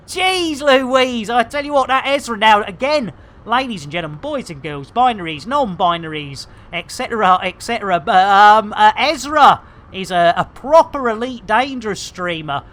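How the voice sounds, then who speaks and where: Middle-aged woman streamer, jokey slangy chatter, unhurried delivery, bright voice. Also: mid-range voice, lively intonation, a little hiss or hum. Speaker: game streamer. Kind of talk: casual live-stream chatter.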